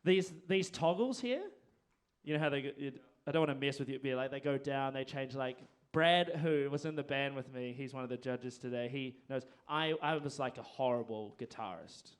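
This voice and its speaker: On a performing arts venue stage, a man hosts a live music event with a handheld microphone, rambling and poking fun at himself. His voice is mid-range, clean, and moderately paced.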